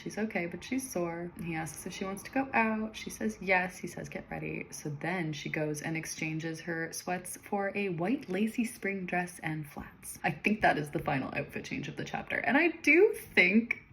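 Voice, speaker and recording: A woman's voice: lowish voice, expressive, moderate pace, few pauses, a bit bright, a little hiss or hum, low-quality recording. A woman casually recapping her own story, chatting and commenting on it with laughing asides.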